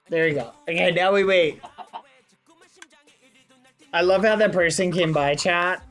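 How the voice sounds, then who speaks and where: Playful excitable male game streamer. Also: on the high side, a little slow, long pauses, soft background music. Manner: playful, excitable, self-mocking, talks to chat. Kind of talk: casual game livestream chat.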